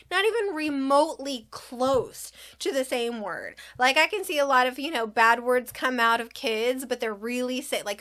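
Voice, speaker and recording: A woman's voice: fairly high pitch, fairly bright tone. A young woman and mother telling a funny story to her viewers in a casual way, acting out quotes and laughing often. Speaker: vlogger.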